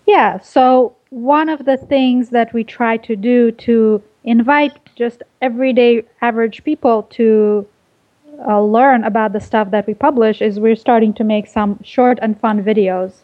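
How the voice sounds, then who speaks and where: A woman from Russia, a guest explaining her organization's work in a measured way, heard over a phone line. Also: on the high side, steady tone. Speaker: guest, nonprofit co-founder. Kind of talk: casual interview over phone.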